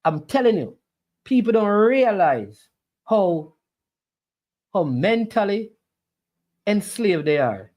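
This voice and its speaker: Livestream talk, argumentative, preachy, rhetorical questions, mid pitch, lively intonation. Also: takes it slowly, long pauses. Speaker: livestream host answering chat.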